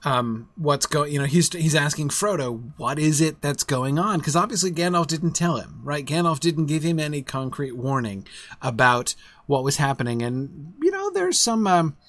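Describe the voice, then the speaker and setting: A man's voice: on the high side, sing-song, normal speed, a bit bright, dry recording. A man hosting a casual livestream book discussion, rambling with restarts and speaking with enthusiasm.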